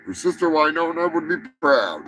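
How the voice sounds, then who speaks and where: A man's voice: a little high, big pitch swings, moderate pace, pushed and bright, a little hiss or hum, low-quality recording. A man hosting a live show, ranting about odd animal news with lots of swearing, rambling asides and laughter. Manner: profane, rambling, laughs mid-sentence. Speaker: show host. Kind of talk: live comedic news rant.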